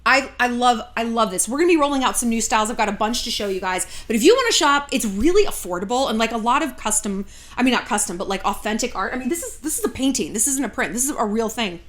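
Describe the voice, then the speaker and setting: A woman in her thirties talks to camera from her home in a casual vlog. Her voice sits a little high and swings widely in pitch as she jokes. She is chatty and sarcastic and swears freely. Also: expressive, fast talker, fairly bright tone. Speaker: vlogger.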